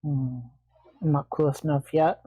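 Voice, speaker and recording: Woman player, lowish mellow voice, kinda unsure, asks lots of questions. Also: steady tone, a little slow, slightly rough, low-quality recording. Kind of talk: tabletop game play.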